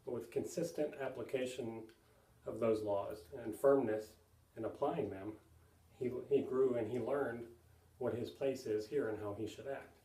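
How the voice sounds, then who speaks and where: A man's voice: mid-range voice, a little slow, mellow, reverberant, recorded from a distance, rough recording. A man giving an earnest sermon-style teaching, plainly explaining with repeated asides to his listeners. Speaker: preacher.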